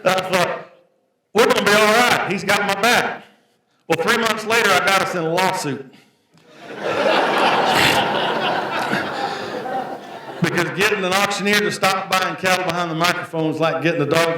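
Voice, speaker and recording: A man's voice: high-pitched, fairly even intonation, normal speed, long pauses, sharp tone. A man, an auctioneer, giving a plain-spoken, story-filled tribute speech at an award event. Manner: folksy, anecdotal, plain-spoken. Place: banquet hall. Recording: echoey hall, voice from a distance.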